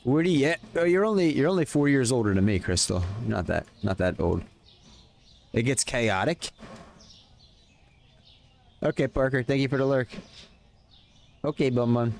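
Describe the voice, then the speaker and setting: A man's voice: mid-range voice, animated, normal speed, gravelly, long pauses, darkish tone, slight background noise. A man live-streaming a game, chatting casually with viewers and calling out in-game orders between questions to chat. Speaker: livestreamer.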